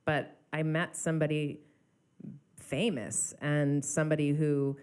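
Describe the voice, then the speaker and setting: Low-voiced joking woman songwriter. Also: unhurried, clean tone. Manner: animated, joking, self-deprecating storyteller. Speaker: songwriter and producer guest. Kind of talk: casual interview storytelling. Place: studio interview set.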